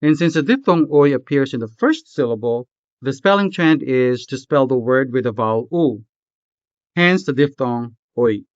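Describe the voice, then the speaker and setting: Guy, hiligaynon speaker, reads a language lesson slow and careful, smooth voice, dry and a bit dull sound. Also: mid-range voice, animated, no echo. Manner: slow, careful enunciation of example words. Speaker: language tutor. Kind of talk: scripted lesson narration.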